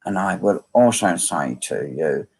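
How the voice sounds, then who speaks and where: A man gives a live medium reading in a slow, unhurried voice. His tone is gravelly and husky, and he keeps asking the listener whether they understand. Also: sits low, animated. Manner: slow, repetitive phrasing, asking "can you understand this?".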